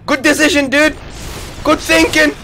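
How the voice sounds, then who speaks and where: A man streaming live gameplay, reacting with loud excited exclamations and swearing. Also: very high voice, moderate pace, a little hiss or hum. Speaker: gaming streamer.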